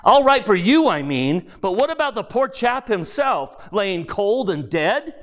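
A bullish big ghost bristles with grievance, his pitch climbing as his outrage grows, as a man reads him aloud. He speaks slowly and with wide swings of pitch, like a wronged man demanding answers. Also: sing-song, a bit bright, exaggerated voice. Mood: indignant.

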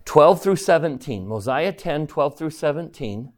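A middle-aged man teaching a scripture lesson in a classroom, animated and emphatic, putting questions to his class. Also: on the high side, a little slow.

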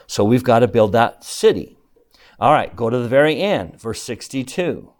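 A man's voice: mid-range voice, lively intonation, moderate pace. Man teaching scripture emphatically. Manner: emphatic, asks the class questions. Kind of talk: classroom scripture lesson.

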